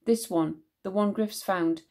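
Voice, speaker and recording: A woman voicing a brave, fierce young girl in a storybook reading, with a bold, quick manner. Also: mid-range voice, warm tone, natural voice.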